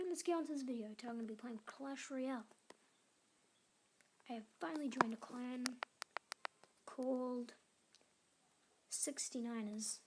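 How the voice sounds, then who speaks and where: A woman's voice: high voice, a little mellow, a little hiss or hum. A woman hosting a casual mobile gameplay video, chatting and often dropping into muttered whispers as she cheers on and scolds her game units. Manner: chatty, drops into muttered whispers while playing. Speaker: gaming channel host.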